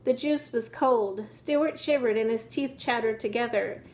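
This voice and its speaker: A woman reading a children's book aloud at a steady pace, now and then restarting a word. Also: on the high side, measured pace, rough recording. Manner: steady reading with occasional restarts over words. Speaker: reader.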